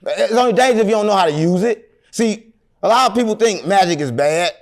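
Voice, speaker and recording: A man tells long, rambling stories in a casual interview. He is animated and jokes with a straight face. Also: high-pitched, fast talker. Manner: animated, rambling, deadpan joking. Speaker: interview guest.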